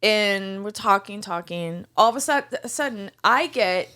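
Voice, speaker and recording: A woman co-hosting a podcast, telling a story in casual chat, animated and full of restarts. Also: mid-range voice, a little slow, smooth. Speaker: podcast co-host.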